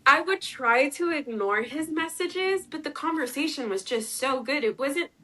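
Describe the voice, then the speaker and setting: Speaking in a high, bright, forceful voice with lively intonation, this twentysomething interview guest recounts a personal story at a moderate pace. She's chatty, voices quoted dialogue, and leans on "like" fillers. The recording quality is low.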